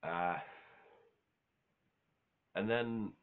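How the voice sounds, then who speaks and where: Guy with a really deep voice, just chatting offhand, swears a bit, trips over his words. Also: very slow, clean tone, narrow, tinny audio. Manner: rambling and offhand, with casual swearing and self-corrections. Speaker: video host ranking game villains. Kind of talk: casual unscripted monologue.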